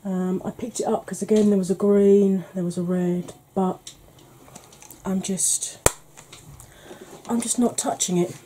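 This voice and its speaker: Mellow, soft-spoken chatty woman. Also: medium pitch, steady tone, unhurried, a little hiss or hum, poor audio. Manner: chatty, rambling, self-deprecating; soft, quiet delivery. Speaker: beauty channel host. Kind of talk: casual makeup declutter chat.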